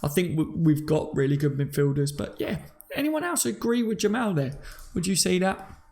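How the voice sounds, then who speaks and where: A man's voice: a little high, expressive, normal speed, darkish tone. A man with a Cockney accent hosting a casual live stream, chatting freely, reading viewer comments aloud and laughing at himself. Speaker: fan channel host.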